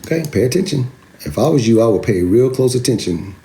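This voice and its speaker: A man's voice: medium pitch, animated, quick pace, warm tone, a little hiss or hum. A man hosting a crypto video, talking straight to the camera in an emphatic, repetitive, taunting way as he answers a viewer. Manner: addresses a commenter directly. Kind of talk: animated direct-to-camera rebuttal.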